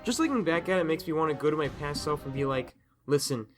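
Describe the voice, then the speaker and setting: A man's voice: fairly high pitch, lively intonation, quick pace, over music. Jokey young man telling storytime. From Tennessee. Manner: jokey, self-deprecating, full of asides. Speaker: animator, storyteller. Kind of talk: comedic animated storytime narration.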